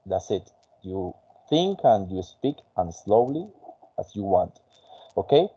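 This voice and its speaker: A man whose first language is Spanish, teaching an English conversation class in a halting way with many fillers. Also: low-pitched, big pitch swings, muffled recording.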